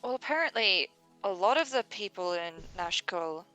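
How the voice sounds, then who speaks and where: A woman playing in a tabletop game, halting and hesitant, her words full of fillers. Her voice is bright, at a middle pitch. Faint music plays behind her. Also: expressive, clean tone. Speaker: player. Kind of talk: casual tabletop game play.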